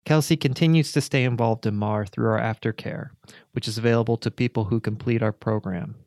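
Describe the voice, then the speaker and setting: A man hosts a podcast, reading narration and asking questions with attentive, steady delivery. His voice is mid-range for a man. The sound is close and dry. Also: on the low side, a little fast, vocal fry, no room sound. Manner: attentive, frequent short affirmations. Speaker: podcast host. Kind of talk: podcast interview and scripted narration.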